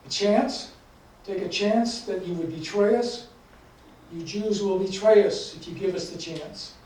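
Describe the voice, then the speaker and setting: A man's voice: sits high, steady tone, moderate pace, dark tone, lightly acted. A man voicing an angry older male army recruiter who talks down with scorn, read aloud in an echoey hall. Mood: scornful. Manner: scornful, raising his voice. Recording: echoey hall, mic from far off, faint noise.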